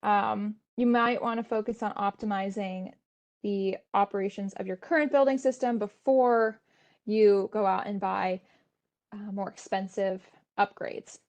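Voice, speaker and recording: Woman, webinar presenter walking viewers through a tool; steady, explanatory, mid pitch, casual fillers. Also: measured pace. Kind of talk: instructional webinar walkthrough.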